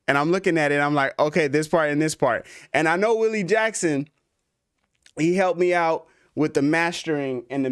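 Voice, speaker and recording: A man's voice: a little high, smooth, no room sound, studio quality. A man hosting a live stream, reviewing beats his viewers send in, chatting casually in slang and talking straight to his chat. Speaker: music producer streamer reviewing submitted beats.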